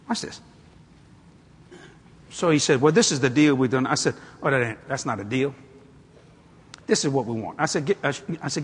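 A man preaching a sermon through a story, acting out the people in it and working up to loud shouts. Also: mid-range voice, breathy edge. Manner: animated, acts out the people in his stories, climbs to shouting.

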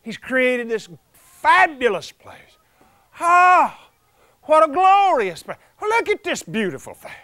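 A man's voice: very high-pitched, lively intonation, slow, fairly bright tone, no echo, voice pushed up, full character voice. A man preaching a sermon voices Lucifer as an envious, scheming male fallen angel who whines and gasps with longing. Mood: covetous awe. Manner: whining, covetous, gasping in awe. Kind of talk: sermon re-enactment.

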